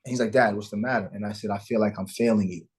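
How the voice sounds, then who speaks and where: A man's voice: fairly low pitch, steady tone, fast talker, husky. A man as an interview guest, earnestly and emotionally telling a personal story about fatherhood and acting out the dialogue.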